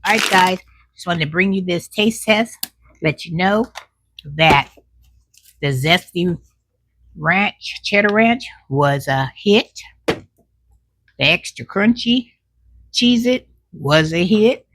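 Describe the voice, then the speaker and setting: An expressive woman with a fairly bright voice on the low side runs through a snack taste test in a casual, folksy way. She keeps talking as she chews, savors with drawn-out hums, and says "child" as an aside, with slight background noise present.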